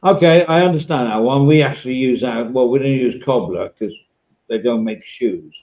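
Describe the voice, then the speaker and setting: A man's voice: mid-range voice, moderate pace, a little mellow, reverberant, muffled recording. An English man hosting a casual podcast chat, rambling and swearing now and then. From England. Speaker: podcast host.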